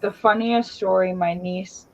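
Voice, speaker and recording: A woman chatting casually on an online panel, telling a lively story and acting out the quoted lines. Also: medium pitch, measured pace, vocal fry, highs cut off, slight background noise. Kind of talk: casual chat, animated storytelling.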